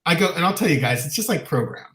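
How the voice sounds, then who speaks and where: A man's voice: fairly high pitch, fast talker. Candid man chatting in an echoey room. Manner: candid, animated, mocking voices in quotes. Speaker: podcast co-host. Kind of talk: casual chat.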